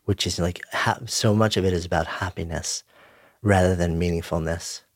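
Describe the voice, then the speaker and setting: A man hosting an interview, thoughtful, building his points slowly and reflectively. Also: deep voice, steady tone, no echo, studio quality. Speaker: podcast host. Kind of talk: conversational interview.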